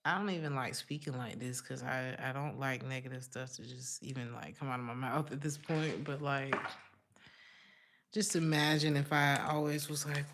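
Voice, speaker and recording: A woman's voice: a bass voice, fairly even intonation, moderate pace, a bit bright. A woman giving a live-streamed tarot reading in a casual, chatty way, calling the viewer honey. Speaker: tarot reader.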